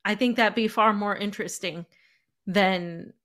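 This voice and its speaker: A woman's voice: mid-range voice, unhurried, fairly bright tone. A woman co-hosting a casual political talk show, chatty and a bit hesitant, often laughing. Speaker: co-host.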